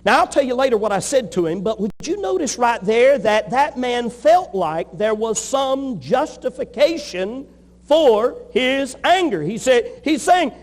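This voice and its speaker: A man's voice: very high-pitched, very animated, a little slow, long reverb tail. A man preaching a sermon as a pastor, with emphatic, rhythmic repetition.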